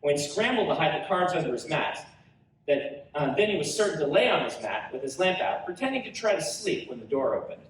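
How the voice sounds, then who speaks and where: Guy reading his book out loud at a con, lively voice, far off mic with some room noise. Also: fairly high pitch, fairly quick. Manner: animated storytelling with character voices. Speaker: author reading his work. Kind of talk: live reading of a book prologue. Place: convention panel room. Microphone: audience recorder in front row. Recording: roomy hall recorded from audience.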